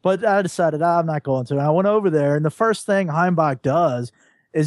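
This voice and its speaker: Higher-voiced man telling a story, dry sound. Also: fairly quick, no echo. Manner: laughs often while talking. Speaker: guest. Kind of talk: casual chat.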